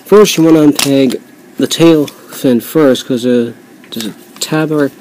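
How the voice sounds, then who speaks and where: A man casually reviewing a toy he customized at home, rambling with many fillers and quick apologies, sometimes drifting off the mic as he handles it. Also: mid-range voice, a little mellow, slight background noise, low-quality recording.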